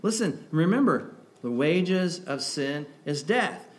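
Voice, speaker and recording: A man's voice: fairly high pitch, expressive, slow pace. A man preaching a sermon in a conversational way, asking rhetorical questions and breaking into emphatic outbursts. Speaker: pastor.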